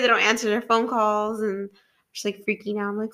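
A woman's voice: mid-range voice, level tone, fast talker, bright, forceful tone. A young woman co-hosting a casual podcast, telling a story dramatically with lots of swearing and laughter. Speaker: podcast co-host. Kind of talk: casual chat.

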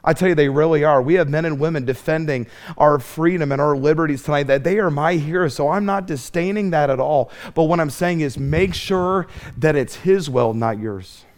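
A middle-aged man preaching a fiery camp sermon, impassioned, telling comic stories and shouting at the peaks. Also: fairly high pitch. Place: camp meeting room.

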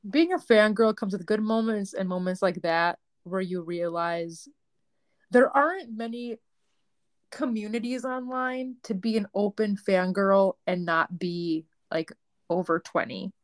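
A woman's voice: mid-range voice, a little slow. A woman, co-hosting a podcast in casual chat and acting out the voices in her stories. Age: 20s. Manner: animated storytelling, acts out quoted voices. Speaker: podcast co-host.

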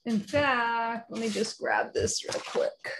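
A woman's voice: on the high side, sing-song, takes it slowly, background noise. Woman, podcast co-host, casual chat, effusive, gushing.

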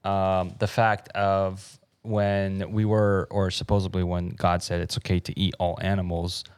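A man on a casual podcast chatting and cracking quick jokes. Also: sits low, flat delivery, darkish tone, smooth. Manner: joking, chuckling remarks. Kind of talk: casual chat.

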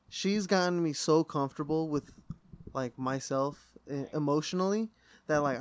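A man's voice: a little high, clear, resonant tone, dry recording. A young man in casual podcast chat, speaking openly and reflectively. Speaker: podcast host.

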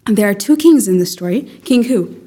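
A woman leading a lively group Bible lesson, acting out the quotes with sudden jumps in pitch as she questions her listeners. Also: a little fast. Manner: animated, acts out quotes with rising pitch. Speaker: Bible study teacher.

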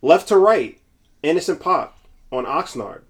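Lively animated man in his twenties. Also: a little high, unhurried. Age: 20s. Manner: animated, laughs often, repeats himself. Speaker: podcast co-host. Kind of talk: casual chat.

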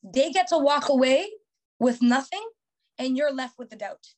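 Young female podcast host, high voice, motivational, emphatic and repetitive, filler-heavy casual delivery. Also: moderate pace, a little mellow. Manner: emphatic, repeats key phrases, frequent "like" fillers.

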